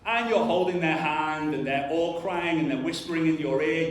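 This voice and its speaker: In a large, echoey hall, a man in his thirties speaks at normal speed with a voice on the high side, giving an earnest motivational talk to an audience. He's emphatic, frequently says "like," and acts out little voices as a conference speaker. A distant mic picks him up along with a little hiss or hum.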